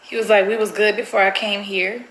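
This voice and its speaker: A woman's voice: mid-range voice, level tone, a little fast, a bit bright, reverberant, faint music behind, low-quality recording. A woman vlogger, chatty and nervous, talking to viewers while pulling a prank. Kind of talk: casual vlog chat.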